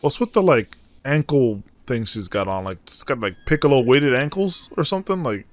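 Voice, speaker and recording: A man hosting a casual anime reaction, excitable and slangy, exclaiming at the screen. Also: mid-range voice, moderate pace, no echo. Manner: slangy, says dude and bro a lot. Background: anime audio playing faintly.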